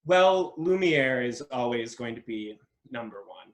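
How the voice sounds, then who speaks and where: A male actor from Minnesota, telling stories in an animated, joking way during a casual interview. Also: medium pitch, unhurried. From Minnesota, USA. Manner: animated, jokey storytelling. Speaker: guest actor. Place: home in New York City. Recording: echoey room.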